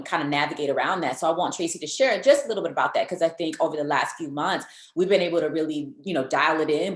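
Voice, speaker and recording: A woman nutrition coach hosting an interview, explaining her approach step by step in a measured way. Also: low voice. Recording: echoey room.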